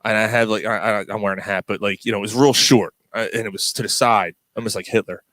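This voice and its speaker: A man's voice: fast talker, no room sound. A man hosting a podcast, telling a story in casual chat and acting out the quotes. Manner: animated, acts out quotes with pitch jumps. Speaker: podcast host.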